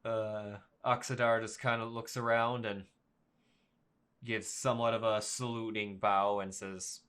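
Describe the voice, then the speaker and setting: Low-voiced man running a tabletop game. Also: little pitch movement, fairly bright tone, clear, resonant tone. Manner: halting, full of ums and restarts. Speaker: dungeon master. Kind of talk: narrating a tabletop game over voice chat.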